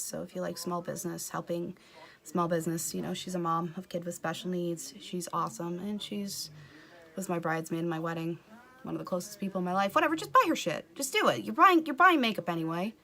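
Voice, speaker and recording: Her lowish voice is gravelly, pushed and bright as this makeup vlogger jokes through a tutorial. She's profane and self-deprecating, frequently slipping into whispers.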